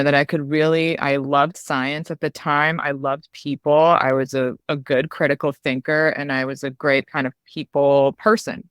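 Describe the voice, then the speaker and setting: A woman's voice: sits low, a bit bright, no echo, studio quality. A woman guest on a podcast, an emergency physician telling a candid personal story in a chatty way, full of "you know" and "like".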